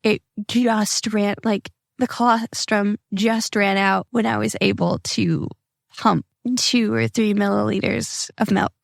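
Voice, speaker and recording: A woman's voice: medium pitch, fairly even intonation, slow pace, gravelly, no room sound, studio quality. A young woman hosting a podcast, telling a personal story in an earnest, emotional, plain-spoken way. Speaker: podcast host.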